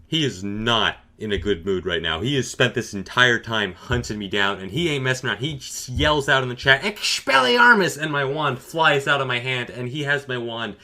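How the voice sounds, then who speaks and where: A man narrating a comedic story in a deadpan, sarcastic, boastful way. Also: mid-range voice, moderate pace, few pauses. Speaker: gaming storyteller.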